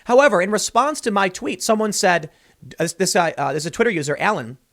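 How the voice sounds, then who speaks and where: A man's voice: sits high, expressive, quick pace, fairly bright tone. A man hosting a political commentary show, reading news excerpts aloud and breaking in with casual remarks like "dude" and "man".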